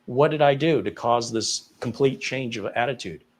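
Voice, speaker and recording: A man at a mid pitch tells a story on a live tech stream. His voice climbs high when he acts out disbelief, and he laughs as he talks. The tone is casual and animated. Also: normal speed. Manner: animated, incredulous retelling with laughs. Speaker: tech support co-host.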